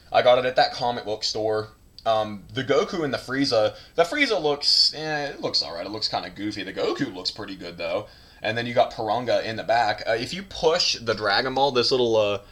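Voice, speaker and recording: A young man talks through his toy collection in a loose, rambling way, restarting sentences and tossing in goofy asides. His voice sits fairly low, yet it has a bright, forward edge. It sounds like a camera mic in a bedroom. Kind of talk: casual rambling video tour. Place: home bedroom, indoors.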